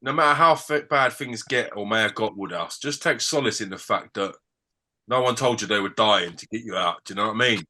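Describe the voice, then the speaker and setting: A man's voice: on the low side, brisk, sharp tone. A man co-hosting a football podcast, cutting in with dry, teasing quips. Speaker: podcast co-host. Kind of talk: casual chat.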